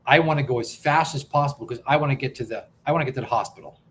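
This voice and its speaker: An earnest male host telling a personal story at an ordinary, middle pitch. He circles back and repeats words as he builds up the tension, sounding sincere rather than polished. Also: racing, slight background noise. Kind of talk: personal storytelling on a talk stream.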